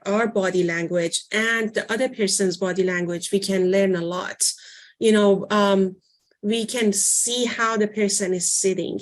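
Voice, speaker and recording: A woman leading a library workshop in an informal teaching voice, conversational and often pausing to search for words with fillers. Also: medium pitch. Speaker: workshop presenter.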